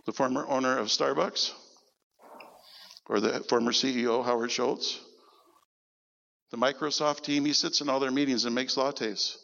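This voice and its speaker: A man preaching as pastor, telling stories in an animated sermon and quoting people in a lower voice. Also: normal speed, vocal fry, long pauses, long reverb tail, muffled recording. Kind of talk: sermon storytelling. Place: church service.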